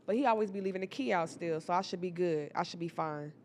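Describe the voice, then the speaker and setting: A young woman tells her viewers a personal story in a casual, animated, profane way, frequently calling out to the audience. She speaks fast in a lowish voice, with slight background noise.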